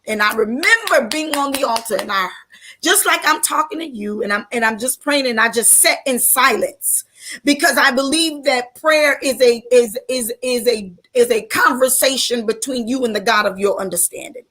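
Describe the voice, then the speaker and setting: A woman with a high, bright voice gives a personal testimony that builds into preaching. She speaks fervently and repeats phrases for emphasis, in the manner of a pulpit sermon. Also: moderate pace. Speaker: faith leader, panel guest.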